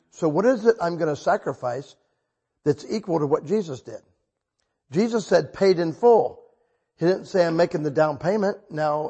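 Husky-voiced man preaching animated sermon. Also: on the high side. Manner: animated, bursts loud when quoting himself. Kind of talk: sermon storytelling.

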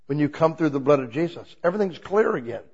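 A man preaching an informal, conversational sermon, asking the congregation many questions and swinging between quiet asides and loud, emphatic lines. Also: on the high side, lively intonation, quick pace, gravelly, slightly rough, dull audio. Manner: asks the listeners many rhetorical questions.

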